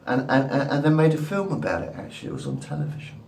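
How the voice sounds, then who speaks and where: Gravelly man in his fifties. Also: a little high, very animated, quick pace, darkish tone. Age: 50s. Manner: crude, repetitive, rambling. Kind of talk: rambling monologue to camera. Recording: echoey room.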